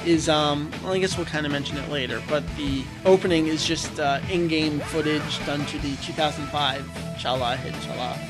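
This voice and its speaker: A young man co-hosting a podcast, chatting excitedly about a video game, quick to laugh. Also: on the high side, over music. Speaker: podcast co-host. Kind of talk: casual review chat.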